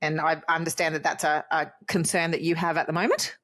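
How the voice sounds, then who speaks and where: A woman's voice: low-pitched, little pitch movement, fairly quick, fairly bright tone. A woman teacher hosting a podcast, chatting casually with enthusiasm and encouragement. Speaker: co-host, teacher.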